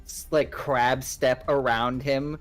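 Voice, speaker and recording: A woman's voice: rumbling low, steady tone, slow, soft background music. Hesitant woman at a tabletop game. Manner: hesitant, lots of fillers. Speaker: tabletop player. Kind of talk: casual tabletop role-play.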